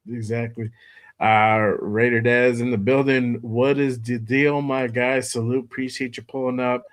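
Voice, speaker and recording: A man hosting a fan livestream from home, hoarse from a cold, laid-back and greeting viewers by name. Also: mid-range voice, fairly bright tone. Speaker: host of a fan show. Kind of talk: casual livestream chat.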